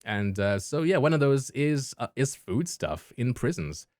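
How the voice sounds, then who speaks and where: A man's voice: mid-range voice, sing-song, a little slow, darkish tone, no room sound, studio quality. A man hosting a casual podcast, chatting loosely with plenty of fillers and laughs. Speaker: podcast host.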